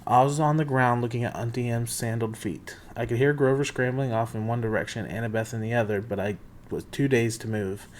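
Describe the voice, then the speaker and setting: A man's voice: mid-range voice, steady tone, brisk, slight background noise. A man reading a novel chapter aloud in first-person narration, with the occasional slip and restart. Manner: plain storytelling with occasional slips and restarts. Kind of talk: amateur audiobook reading.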